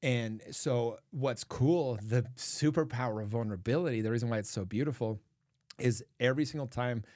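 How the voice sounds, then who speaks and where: A man's voice: mid-range voice, moderate pace, a little mellow, no room sound, studio quality. A man who coaches men, speaking as a guest on a casual podcast, earnest and storytelling, often dropping "like" as a filler.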